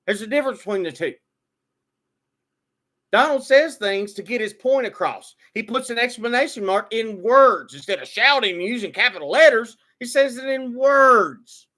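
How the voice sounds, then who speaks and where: A man's voice: very high voice, expressive, normal speed, bright, forceful tone. A man giving an opinionated political monologue, repeating words and restarting often, then building to emphatic bursts. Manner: repetitive stammering restarts, rising to emphatic outbursts.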